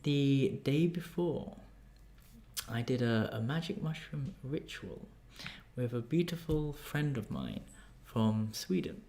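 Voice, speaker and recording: Calm, animated English man telling a story. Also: mid-range voice, slow pace. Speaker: life coach. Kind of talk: storytelling vlog.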